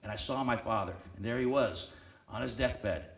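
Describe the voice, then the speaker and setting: A man emceeing a live event, telling a comic story with loud animated bursts and hushed deadpan asides. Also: medium pitch, normal speed. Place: banquet hall at a club event. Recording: echoey hall, distant mic.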